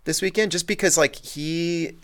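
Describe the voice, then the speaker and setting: A man's voice: a little high, normal speed, fairly bright tone. A man co-hosting a casual sports podcast, talking in long rambling turns full of fillers. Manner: rambling, many fillers and restarts. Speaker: podcast co-host.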